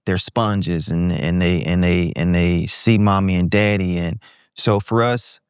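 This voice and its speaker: A man in his forties with a smooth, resonant voice that sits a little low. He tells a candid story as a podcast guest and slips into animated impressions of the people he quotes. The sound is dry and close, with no room around it. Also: a little slow, dry recording. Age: 40s. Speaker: guest entrepreneur.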